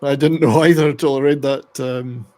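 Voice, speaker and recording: A man's voice: mid-range voice, steady tone, moderate pace, warm tone. A man hosting a podcast who chats casually about rock history, rambling a little and reading out excerpts. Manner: rambling, reads excerpts aloud. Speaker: podcast host. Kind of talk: casual music chat.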